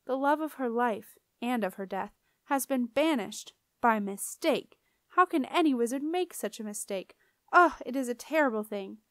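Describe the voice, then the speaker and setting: A gentle, tall woman who sees ghosts, voiced by a female narrator in a storybook. She speaks in a soft, sing-song way. The voice is dry and close to the mic. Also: medium pitch, expressive, moderate pace, gravelly, hardly any pauses, no room sound. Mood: sorrowful.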